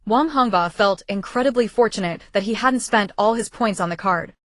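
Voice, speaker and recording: A woman narrating a translated web novel as an audiobook, reading in an even, steady manner. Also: medium pitch, normal speed, hardly any pauses, no echo.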